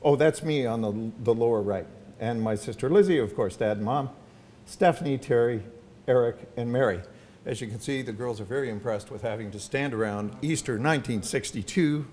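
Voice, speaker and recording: A man's voice: medium pitch, a little fast, slight background noise. An older man giving an anecdotal talk about his family to an audience at a podium microphone. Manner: warm anecdotal storytelling with asides. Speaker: featured speaker at a symposium. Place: university hall with audience.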